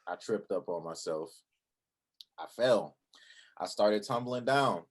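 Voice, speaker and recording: A man's voice: lowish voice, lively intonation, slow. A young man co-hosting a channel, telling a story in a casual, profane way and acting out his own thoughts in quotes. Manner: laid-back, profane, recounts with quoted inner thoughts. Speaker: channel co-host.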